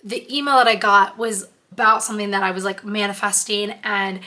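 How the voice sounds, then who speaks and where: A woman's voice: mid-range voice, fairly even intonation, a little fast, pushed and bright. A young woman vlogging in a chatty, gushing, earnest way, full of "like". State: emotional, close to tears. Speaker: lifestyle vlogger. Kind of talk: casual vlog chat.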